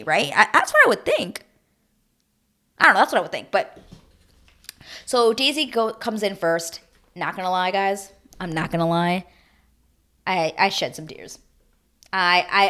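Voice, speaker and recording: Young female vlogger, slightly low voice, gushy and rambling as she recaps a show. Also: fairly bright tone. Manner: chatty, gushing, filler-heavy with emotional asides. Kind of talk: casual reality TV recap.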